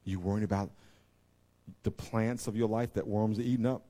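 A man preaching a sermon to his congregation, with emphatic delivery that swings from loud exclamations to quiet intensity and repeatedly addresses the audience directly. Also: on the low side, fairly even intonation, moderate pace. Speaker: pastor.

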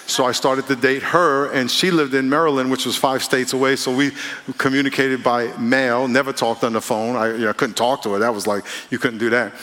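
A man's voice: mid-range voice, flat delivery, a little fast, a bit bright. Man preaching in an echoing hall. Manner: conversational, playful call-and-response with congregation. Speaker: pastor. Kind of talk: sermon. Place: church sanctuary. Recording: long hall reverb.

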